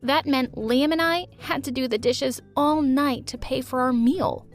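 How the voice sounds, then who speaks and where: A young woman narrating a first-person storytime tale with animated delivery and sarcastic asides. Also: on the high side, normal speed, few pauses. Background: faint music.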